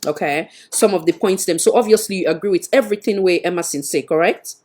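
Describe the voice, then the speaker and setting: A woman's voice: lowish voice, quick pace, darkish tone. A woman with a Sierra Leonean accent hosting a live panel discussion, pressing her guest with repeated questions. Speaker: talk show host.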